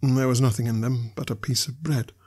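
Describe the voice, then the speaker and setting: A man reading a classic novel aloud as an audiobook narrator, with measured storytelling delivery. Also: medium pitch, steady tone, darkish tone, husky.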